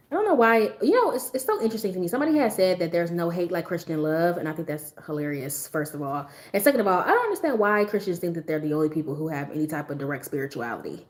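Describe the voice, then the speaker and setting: A woman hosting a casual livestream, laughing often as she tells stories and answers her chat. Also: lowish voice. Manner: laughs often, talks straight to chat, storytelling. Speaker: livestream host.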